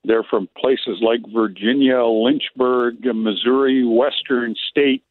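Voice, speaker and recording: A man calls in a sports report in a brisk, chatty way, his pitch jumping up now and then. The line is tinny and phone-like, and the sound is dry with no room to it. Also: no echo. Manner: brisk, chatty, with lively rises.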